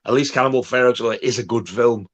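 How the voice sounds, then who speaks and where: A man's voice: medium pitch, brisk, dull audio. A man, co-hosting a casual film chat, blunt and dry, sometimes mimicking voices. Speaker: co-host.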